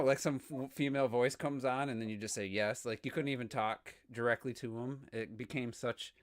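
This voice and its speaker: A man co-hosting a gaming podcast, chatting casually and telling animated stories. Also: mid-range voice, brisk, hardly any pauses, no room sound, clean studio sound. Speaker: podcast co-host. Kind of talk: casual chat.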